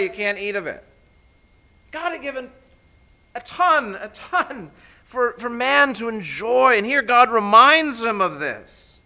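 Animated man preaching a sermon. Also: high voice. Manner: animated, emphatic preaching with frequent restarts. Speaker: pastor.

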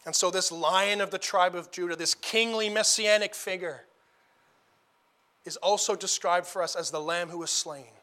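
A man preaching a sermon, emphatic and repeating phrases for stress as he builds to loud declarations. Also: sits high, normal speed.

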